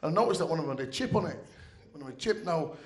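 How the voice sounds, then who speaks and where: Rapid-fire and animated, a man with a slightly high voice performs stand-up stories in a club. Speaking into a handheld mic, he's loose and foul-mouthed and keeps turning to the crowd, while the space gives off a roomy echo.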